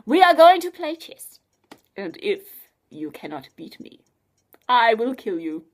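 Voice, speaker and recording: A woman voicing a pompous, boastful male mad scientist who is quick to take offence, in a storybook reading. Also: a little high, sing-song. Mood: gloating. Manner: loud, theatrical and easily offended.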